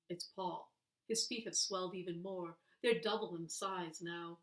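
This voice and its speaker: A woman's voice: mid-range voice, steady tone, a little slow, reverberant, rough recording. A woman reading a children's novel aloud, voicing the characters with expression. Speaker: reader.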